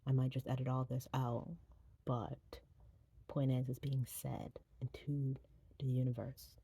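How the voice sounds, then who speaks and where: A woman's voice: extremely low pitch, level tone, a little slow, dark tone, breathy edge. Rambling, swearing young woman author. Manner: rambling, self-deprecating, swears freely. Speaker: indie author. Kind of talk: casual rambling vlog outro.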